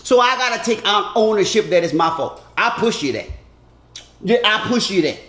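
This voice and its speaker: A man doing an animated comedic monologue that turns earnest and preachy. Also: sits high, normal speed, echoey room. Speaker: comedian vlogger.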